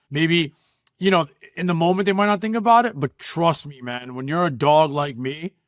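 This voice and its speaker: A man's voice: a little high, fairly bright tone, dry recording, studio quality. A man hosting a podcast, giving an emphatic, conversational motivational monologue full of repetition and "right?". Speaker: podcast host.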